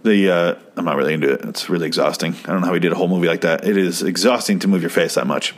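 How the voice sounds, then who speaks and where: A young man recapping a TV episode in a casual, rambling, profane commentary, getting excited as he goes. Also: sits low, racing. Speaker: show host.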